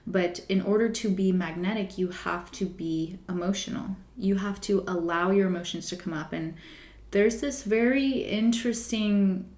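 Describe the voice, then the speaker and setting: A woman hosting a spiritual wellness podcast, talking softly and unhurriedly in a reflective way, with the odd filler. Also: on the low side. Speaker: podcast host. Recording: roomy echo.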